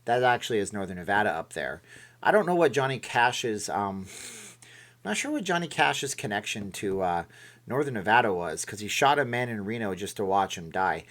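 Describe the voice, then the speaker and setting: A man's voice: on the low side, big pitch swings, normal speed, fairly bright tone. A middle-aged man from Canada hosting a casual live stream, reading and answering chat in a rambling way and often correcting himself.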